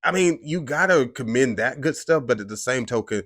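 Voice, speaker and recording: A man's voice: mid-range voice, lively intonation, normal speed, fairly bright tone, dry recording, clean studio sound. A man hosting a podcast, giving a rambling, emphatic and frustrated fan reaction after a game. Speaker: podcast host.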